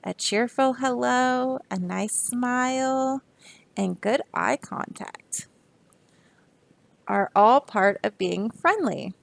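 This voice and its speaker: Gravelly-voiced woman reading a picture book. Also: fairly high pitch, takes it slowly, dry recording. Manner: explaining, chatty asides, soft laughs. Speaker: storybook reader.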